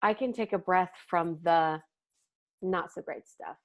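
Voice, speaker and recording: A woman in her thirties, a comic actor and podcast guest, telling candid stories in an animated way and swearing casually. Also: lowish voice, measured pace. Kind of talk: casual interview chat.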